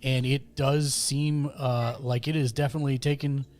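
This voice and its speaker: A man's voice: mid-range voice, little pitch movement, moderate pace, darkish tone. A man running a tabletop game as game master, narrating the action steadily with small fillers.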